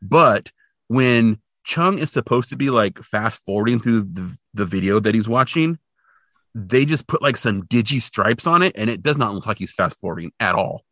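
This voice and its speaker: A lower-voiced man chatting casually as a podcast co-host, his pitch swooping widely as he recaps an episode. He pops into playful, exaggerated voices when quoting characters. The sound is dry and close, with no room around it. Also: moderate pace, no echo. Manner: animated, jumps into exaggerated voices for quotes.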